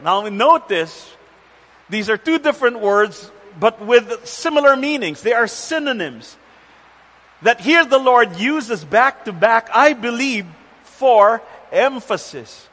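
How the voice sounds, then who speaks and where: A man preaching a sermon as pastor, deliberate and emphatic, repeating key phrases for weight. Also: very high-pitched, very animated, pushed and bright, in a large hall. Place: church center with rain on the roof.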